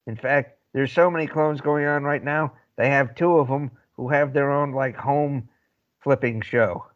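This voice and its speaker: A man's voice: medium pitch, steady tone, measured pace, lo-fi sound. A middle-aged man from the northeastern US with a light New England accent, telling wry, opinionated stories in casual chat.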